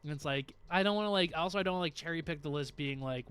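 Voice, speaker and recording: A man's voice: on the high side, quick pace, few pauses, a bit bright, smooth. A man streaming live, chatting casually and rambling to his viewers with frequent laughs.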